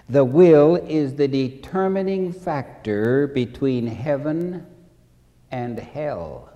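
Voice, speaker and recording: A man preaching a sermon with slow, deliberate delivery, repeating key phrases and acting out stories. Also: on the high side, dark tone, big-room sound, highs cut off.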